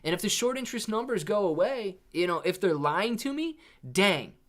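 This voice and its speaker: A man with a somewhat high voice hosts a live stream and chats casually with viewers. He rambles in a laid-back way and calls people "dude" and "man" while he answers the chat. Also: animated, normal speed, fairly bright tone. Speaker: livestream host reading viewer chat.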